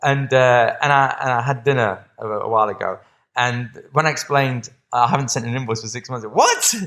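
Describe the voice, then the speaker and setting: A man's voice: mid-range voice, fairly quick, fairly bright tone. A man who coaches athletes, a guest on a podcast, talking casually in a rambling way and often quoting himself. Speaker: guest, strength and conditioning coach.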